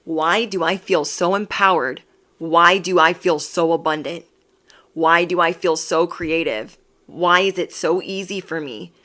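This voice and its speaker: A woman's voice: fairly low pitch, measured pace, pushed and bright. A woman giving an emphatic pick-a-card tarot reading, repeating affirmations. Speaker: tarot reader.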